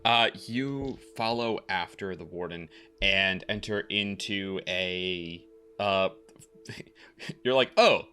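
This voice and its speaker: A man's voice: deep voice, slow, pushed and bright, soft background music. A man narrating as game master, rambling with many fillers.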